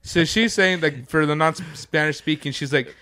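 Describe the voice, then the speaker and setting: A man's voice: a little high, moderate pace, no room sound. A man co-hosting a podcast, telling stories in casual chat and acting out quotes, laughing often. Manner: animated storyteller, acts out quotes, laughs often. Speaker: podcast co-host.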